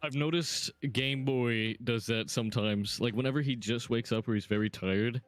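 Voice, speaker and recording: Young male podcast co-host, mid-pitched, casual, slurring his words. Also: normal speed, soft background music. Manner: slurs words, relaxed. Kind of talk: casual chat.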